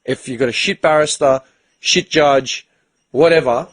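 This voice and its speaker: A man's voice: medium pitch, unhurried. A young man hosting a casual podcast chat, telling stories in a blunt, profane way. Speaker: podcast host.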